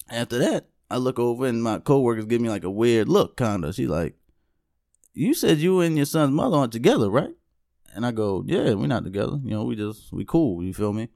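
A young man hosting a podcast, telling a long story in an easygoing, chatty way. His voice has an ordinary middle pitch and sounds close and dry, with hardly any room sound behind it. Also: gravelly, a little mellow, no echo. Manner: laid-back storytelling, frequent laughs and "you know what I'm saying". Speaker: podcast host. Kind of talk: casual podcast chat.

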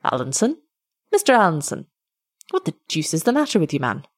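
A woman's voice: low-pitched, big pitch swings, brisk, no echo, clean studio sound. A woman voicing a bluff young male companion who talks bluntly with a teasing edge.

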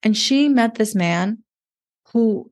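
A woman speaking as a love coach in a casual podcast conversation, animated, emotional and emphatic. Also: on the high side, slow.

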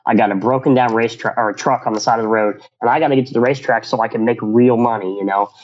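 A man's voice: mid-range voice, fairly even intonation, racing, highs cut off. A man, a business owner, telling stories in a casual radio interview, rambling with many restarts and acting out quotes.

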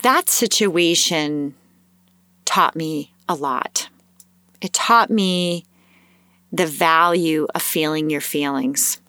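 A woman with a slightly low voice tells a personal story in a relaxed, conversational way. She plays out her inner thoughts with lively jumps upward. The recording is dry and close, with no room around her. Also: slow, pauses often, no room sound. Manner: animated, acts out her own thoughts in a higher voice. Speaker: host sharing a personal story. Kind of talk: casual storytelling.

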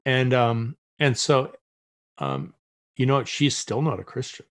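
A man's voice: medium pitch, big pitch swings, unhurried, fairly bright tone. A middle-aged man as a podcast guest, telling a story in casual conversation and acting out the voices he quotes, with many restarts.

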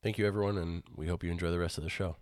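A congested man with a deep voice gives a friendly, upbeat sponsor read for his podcast. The sound is dry and close. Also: fairly even intonation, rapid-fire, dry recording. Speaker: podcast host reading an ad.

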